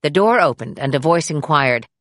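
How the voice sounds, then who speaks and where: A middle-aged woman reading her memoir aloud in a measured way, giving the quoted people raised voices. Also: deep voice, expressive, no echo, clean studio sound. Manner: measured, acts out dialogue with raised voice. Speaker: memoir narrator. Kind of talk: audiobook memoir narration.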